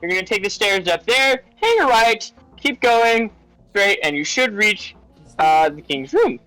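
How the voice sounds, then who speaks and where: A man's voice: high voice, lively intonation, unhurried, pushed and bright, no room sound, faint music behind, exaggerated voice, rough recording. A man, the dungeon master of a tabletop game, voicing a sleepy, helpful small gnome guard who gives directions. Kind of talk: tabletop game role-play.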